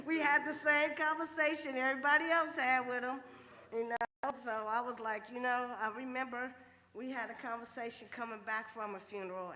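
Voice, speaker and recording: A middle-aged woman speaks at a funeral in a chatty, rambling way with a high-ish, bright, forceful voice. Her words ring out with a long hall reverb, and a faint hum of room noise sits underneath. The tone stays informal and personal. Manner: chatty, conversational, full of "you know". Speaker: eulogy speaker. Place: funeral home chapel.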